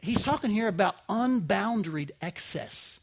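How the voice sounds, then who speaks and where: A man preaching a sermon to his church, emphatic, swinging from loud peaks to low asides and asking the congregation questions. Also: lively intonation, a little slow. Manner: asks the congregation rhetorical questions. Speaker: pastor.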